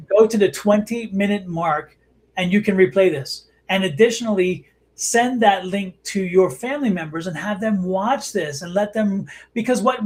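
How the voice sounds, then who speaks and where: High-voiced man hosting a psychic show. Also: a little mellow. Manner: rambling, explanatory, frequent restarts. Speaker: host and tarot reader. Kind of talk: live psychic show talk.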